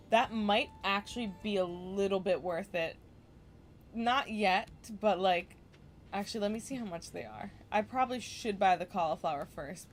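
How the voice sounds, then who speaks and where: Relaxed, chatty woman streamer. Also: mid-range voice, a little hiss or hum. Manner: relaxed, chatty, self-deprecating, muttering asides. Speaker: gaming streamer. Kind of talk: casual gameplay commentary.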